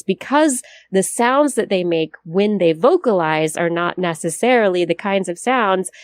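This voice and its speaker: A woman's voice: medium pitch, no echo. A woman co-hosting a science podcast, explaining a study in a chatty way and laughing easily. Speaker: co-host. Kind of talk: casual science podcast chat.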